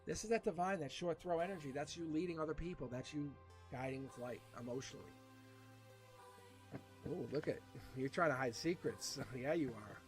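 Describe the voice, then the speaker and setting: A man giving a casual live tarot reading, animated and repeating himself with frequent restarts. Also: on the high side, moderate pace, faint music behind. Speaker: tarot reader.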